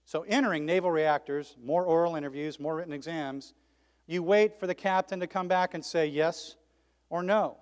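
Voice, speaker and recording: Animated man telling a story in a hall. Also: on the high side, moderate pace. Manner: dramatic, acts out dialogue and shouted cheers. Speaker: keynote speaker. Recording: long hall reverb.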